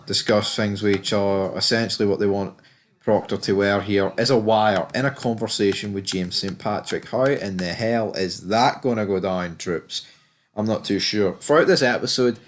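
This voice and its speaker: A man with a fairly low voice talks through a TV episode in a loose, chatty recap. He is blunt and candid, swears without a second thought and fills his sentences with casual asides. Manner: loose and chatty, many fillers. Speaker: TV episode reviewer.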